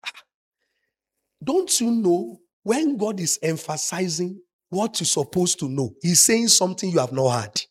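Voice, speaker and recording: A male pastor delivers a sermon in a high-pitched voice. His tone is husky and a little rough. He drops to soft, close asides, then builds to loud, forceful emphasis. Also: big pitch swings, unhurried.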